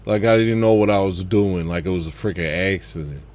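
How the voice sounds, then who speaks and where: Low-voiced rambling man on a livestream. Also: a little fast, darkish tone, slight background noise. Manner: rambling, trails off and restarts thoughts. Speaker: livestream host and musician. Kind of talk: casual livestream chat.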